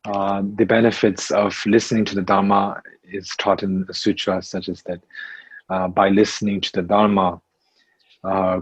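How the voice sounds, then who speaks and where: A very low-voiced, husky man gives a Buddhist lesson at an unhurried, halting pace, often pausing on fillers and restarting his sentences. The recording sounds dull and dry, with little room around the voice. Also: dry recording. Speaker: Buddhist teacher. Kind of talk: Dharma teaching in English.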